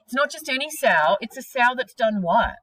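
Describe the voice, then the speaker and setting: A woman teaching a literature class, energetic and questioning, with casual slang. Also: a little high, normal speed, rough recording.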